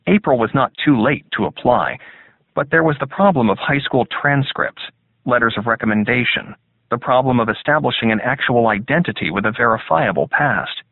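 Here a man with a mid-range voice calmly and evenly reads a story aloud as scripted audiobook narration. The sound is tinny and dry, much like a phone, and carries no room sound.

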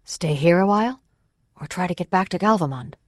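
A reader voicing a thoughtful, steady grown man who speaks earnestly and a little raised. The recording is dry. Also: sits high, brisk, no echo, voice pushed up. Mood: urgent.

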